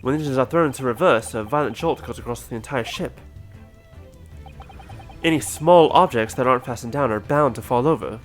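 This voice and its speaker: A man's voice: mid-range voice, fairly quick, faint music behind, close to an everyday voice. A man voicing a polite, knowledgeable young female assistant who explains things earnestly. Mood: explaining.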